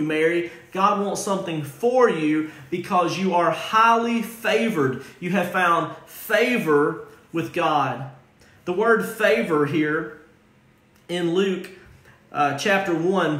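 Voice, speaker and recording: Emphatic high-voiced male preacher. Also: bright, forceful tone, reverberant. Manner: emphatic, repeats phrases and calls out listeners by name. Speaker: pastor. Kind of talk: sermon.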